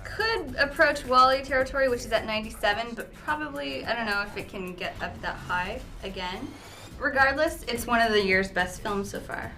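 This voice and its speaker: A woman with a slightly high, bright voice co-hosts a casual film review chat. She keeps it brisk and dry, with faint music in the background. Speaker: film review show co-host.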